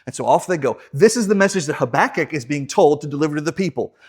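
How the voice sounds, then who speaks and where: A man's voice: a little high, lively intonation, fast talker, husky. A man teaching a casual Bible class in a church, joking and acting out the people he quotes. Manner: joking, acts out quoted voices.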